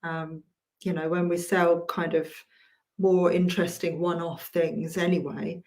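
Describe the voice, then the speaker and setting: Hesitant woman with lowish voice. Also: flat delivery, a little slow, darkish tone. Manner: hesitant, self-deprecating. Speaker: co-host. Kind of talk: casual chat.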